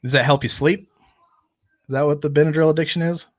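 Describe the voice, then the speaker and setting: A man's voice: fairly high pitch, steady tone, fast talker. Casual man co-hosting a recovery talk show. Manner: conversational, often ends points with a questioning "right?". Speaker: co-host of a family recovery channel. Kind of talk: casual chat.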